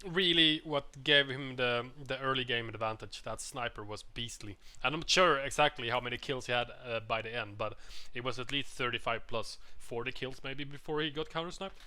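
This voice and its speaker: Bright, smooth-voiced male game caster. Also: mid-range voice, brisk. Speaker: shoutcaster. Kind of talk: casual game commentary.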